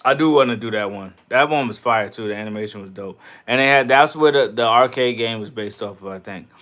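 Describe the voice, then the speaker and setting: A man hosting a casual livestream, reading chat and riffing loudly with profane jokes, from New York. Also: medium pitch, brisk. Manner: loud, profane, laughing riffs.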